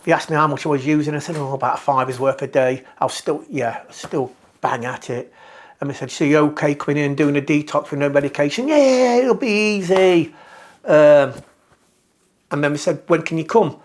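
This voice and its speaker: A middle-aged British man telling his own story of addiction and recovery in a candid, reflective way, often halting and restarting his sentences. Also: a little high, fairly even intonation. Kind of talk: personal testimony.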